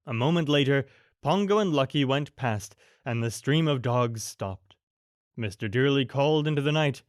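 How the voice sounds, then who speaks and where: A man narrating a children's bedtime audiobook in a gentle, expressive storytelling manner. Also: medium pitch, unhurried, no room sound, studio quality.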